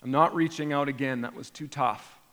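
A man delivering a sermon in a mid-pitched voice that carries a long reverb, as from a large hall. He is animated, often acting out imagined prayers with sudden jumps in pitch and loudness, then dropping back to a low, quiet tone. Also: normal speed. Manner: animated, acts out imagined prayers with sharp rises in pitch and volume. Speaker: pastor.

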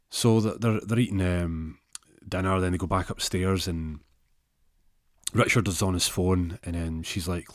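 A man spins a comic story, rambling and restarting as he goes. His voice sits low. The sound is dry and close, with no room around it. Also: fairly even intonation, a little slow, no room sound. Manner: rambling, many restarts and fillers.

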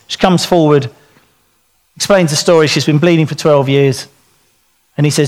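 A middle-aged man giving an informal sermon to dads, telling stories in an animated way and acting out the quotes. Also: on the high side, moderate pace. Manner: animated storytelling, acts out quotes. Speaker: speaker at a church talk for dads.

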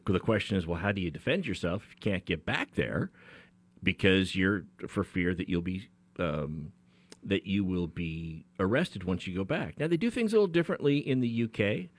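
A man's voice: low-pitched, no room sound. A man co-hosting a radio talk show as an attorney, explaining a legal case in a conversational way with frequent restarts. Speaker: attorney co-host.

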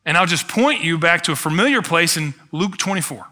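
Male pastor, sermon delivery, somewhat high and bright-toned, emphatic with casual asides. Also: lively intonation, fairly quick. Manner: conversational preaching with rhetorical asides; emphatic, builds in intensity.

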